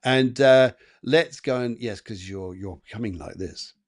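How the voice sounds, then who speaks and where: Guy doing psychic readings on a livestream, mid pitch, chatty, lots of ums and uhs. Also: unhurried. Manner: chatty and encouraging, many fillers and restarts. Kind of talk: live-streamed readings to chat viewers.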